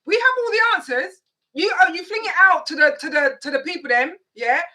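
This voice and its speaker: A woman's voice: very high-pitched, animated, fairly quick, pushed and bright. A woman co-hosting a radio show, speaking emphatically and chiming in with agreement. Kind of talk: impassioned show chat.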